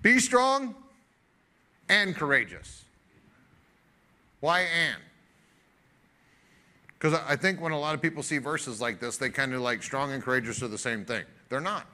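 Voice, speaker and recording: A male pastor preaching a sermon in an energetic, joking and emphatic conversational way. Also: medium pitch, fast, few pauses.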